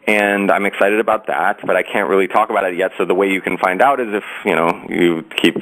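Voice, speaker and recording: Deep-voiced rambling man in casual chat. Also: fairly quick, noisy background. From south Florida. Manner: rambling, with many fillers and restarts. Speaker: guest, stage actor and musician.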